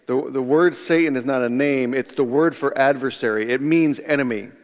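A man's voice: mid-range voice, fairly quick. Conversational male preacher, long hall reverb. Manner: conversational, explains word by word, asks listeners rhetorical questions. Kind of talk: sermon.

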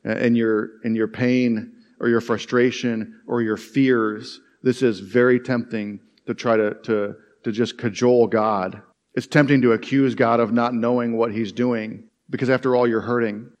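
A man's voice: lowish voice, darkish tone. A man preaching a sermon as pastor, earnest and conversational, often repeating his phrases for emphasis. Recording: long hall reverb.

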